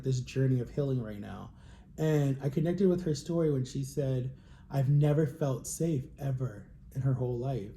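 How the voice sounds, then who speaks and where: A man's voice: on the high side, warm tone. Emotional man in his thirties venting. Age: 30s. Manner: emotional, emphatic repetitions. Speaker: vlogger. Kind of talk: personal confessional vlog.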